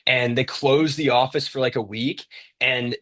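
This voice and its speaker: A man's voice: medium pitch, fairly even intonation, a little slow, pushed and bright. A young man hosting a casual podcast, telling stories animatedly and swearing casually. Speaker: podcast host.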